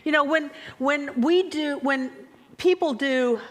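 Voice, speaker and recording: Female minister, slightly high voice, expressive sermon delivery. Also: slow pace. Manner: expressive, chant-like repetitions. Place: church sanctuary.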